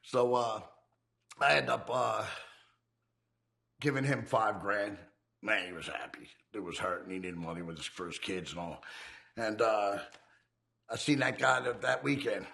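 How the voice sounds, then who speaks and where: A man's voice: fairly low pitch, unhurried, vocal fry, pauses often, pushed and bright. A man candidly telling his life of crime in profane, streetwise talk. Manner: profane, streetwise, acts out quoted voices. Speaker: former criminal telling his life story.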